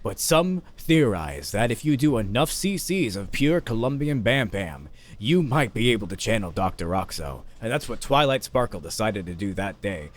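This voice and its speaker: A man co-hosting a casual podcast, telling rambling absurd stories in a deadpan way. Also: fairly low pitch, moderate pace, slight background noise. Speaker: podcast co-host. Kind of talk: casual chat.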